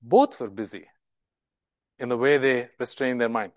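A man's voice: medium pitch, normal speed, no echo. A male preacher giving a sermon in an emphatic way, often repeating words and asking rhetorical questions.

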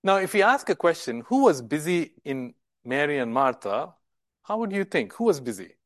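A man's voice: fairly high pitch, very animated, moderate pace, no room sound. A male preacher giving a sermon in an emphatic way, often repeating words and asking rhetorical questions.

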